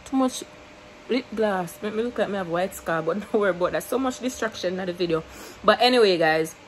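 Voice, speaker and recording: A woman's voice: medium pitch, brisk, slight background noise, low-quality recording. A young woman with a Jamaican accent chatting casually to her camera, mixing English with patois and laughing often. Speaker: YouTuber. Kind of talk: casual vlog chat to camera.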